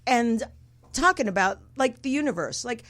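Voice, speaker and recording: A woman's voice: fairly high pitch, lively intonation, normal speed, a bit bright. A woman hosting a casual podcast chat around a table, talking loosely with many fillers and asking her guests questions. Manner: chatty, filler-heavy, asks the table questions. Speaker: podcast host.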